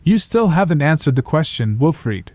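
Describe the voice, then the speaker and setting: A man's voice: fairly high pitch, very animated, moderate pace, a little mellow, dry recording, voice pushed up. A man voicing an anxious young man who keeps pressing his brother with hesitant questions. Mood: uneasy.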